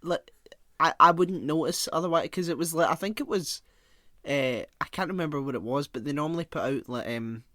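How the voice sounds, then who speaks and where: Animated man, dry close sound. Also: a little high, fairly quick, no room sound. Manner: animated, swearing, mimics relatives with put-on accents. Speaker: podcast co-host. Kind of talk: casual chat.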